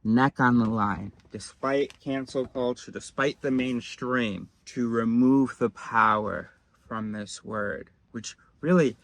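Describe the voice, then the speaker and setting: A man giving a sardonic, rambling satirical monologue at his screen, switching suddenly between low mutters and louder bursts. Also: takes it slowly. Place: home desk, recording his screen.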